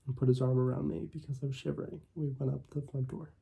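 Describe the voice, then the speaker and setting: A man reading a first-person short story aloud in a measured way, with small slips. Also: mid-range voice, fairly even intonation, gravelly, warm tone, breathy edge. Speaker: audiobook reader.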